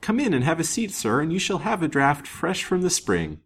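A kind old countrywoman who fusses over her guest, as a male reader puts her on. Her voice is lifted high and a touch husky, and it rolls along in a lively way. She is homely and approving. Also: normal speed, exaggerated voice. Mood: hospitable. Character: kindly old countrywoman, hospitable and chatty.

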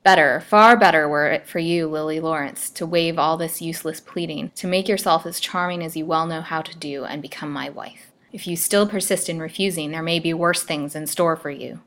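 A woman doing a scheming storybook villain, a man with a cold, menacing, taunting manner, pitched on the low side. He pleads smoothly one moment and threatens the next, always sure of his power. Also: moderate pace, few pauses, a bit bright. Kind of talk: storybook reading.

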